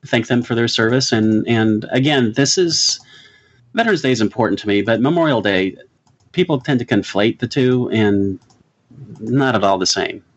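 On a muffled recording, a middle-aged podcast co-host with a lively, mid-range voice speaks at a moderate pace. The conversation is a casual, earnest chat about classic films, with easy laughter.

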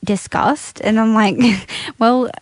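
A woman's voice: medium pitch, steady tone, moderate pace, no room sound. Giggly, hesitant young woman. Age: late teens. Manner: giggly, hesitant, full of ums. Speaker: guest. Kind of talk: casual interview answers.

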